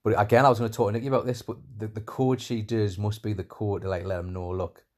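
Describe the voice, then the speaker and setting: Rambling man recapping a film, low voice. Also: level tone, quick pace. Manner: rambling, lots of "like" and "um" fillers; enthusiastic, calls scenes "class".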